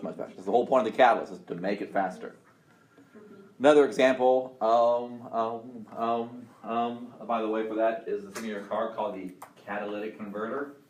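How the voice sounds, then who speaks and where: In a roomy classroom with faint background noise, a man teaches college chemistry, quizzing students in an upbeat way and restarting his sentences often. His voice is lowish and a little mellow, with fairly even intonation at a normal speed.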